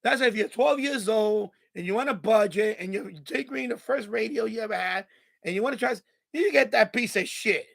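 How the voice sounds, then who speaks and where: Male livestream host, very high pitch with a fry edge, mad, profane, repeats himself. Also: brisk, fairly bright tone. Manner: angry, profane, repetitive ranting. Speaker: ham radio livestream host. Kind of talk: unscripted livestream rant.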